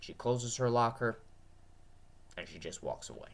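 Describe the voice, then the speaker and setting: A man's voice: medium pitch, big pitch swings, unhurried, gravelly, slight background noise. A tired man with a dry throat, talking to his viewers in an earnest, repetitive, rambling monologue. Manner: repetitive, earnest, restarts often. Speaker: vlogger.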